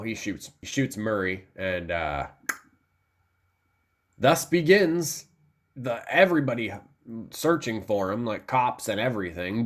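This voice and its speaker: A male vlogger chatting through a film review, eager and rambling, full of fillers and quick restarts. His voice sits at a mid pitch for a man. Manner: enthusiastic and rambling, lots of fillers. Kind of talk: casual film review talk.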